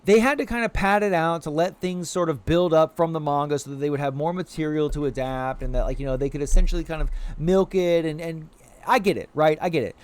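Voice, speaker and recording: This gamer's voice is a little high, brisk, and clean as he streams and rambles casually to his chat. Animated and heavy on "like" fillers, he keeps cooing playfully at the creatures in the game.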